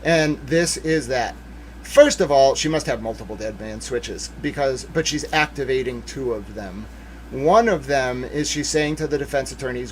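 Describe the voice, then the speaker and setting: A man giving casual, rambling legal commentary on a stream, animated, with jokey asides and mock voices. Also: mid-range voice, normal speed, a little hiss or hum.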